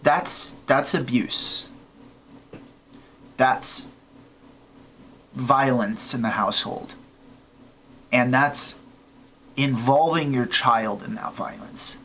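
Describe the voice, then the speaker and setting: A man hosting an advice video, reading out a listener's letter and then answering it in an earnest, measured way. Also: medium pitch, pushed and bright, a little hiss or hum.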